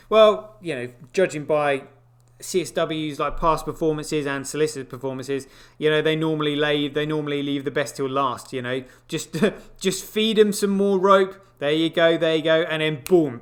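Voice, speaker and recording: A man's voice: on the high side, a bit bright. A man hosting a live online show, rambling through casual news commentary with lots of fillers and wry asides. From United Kingdom.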